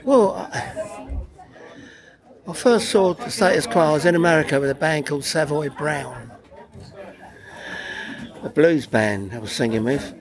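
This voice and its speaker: An older man from England, rambling bluntly and swearing freely as he reminisces in an interview. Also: fairly high pitch. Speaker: interviewee, veteran singer. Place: busy convention venue. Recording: loud music behind the voice.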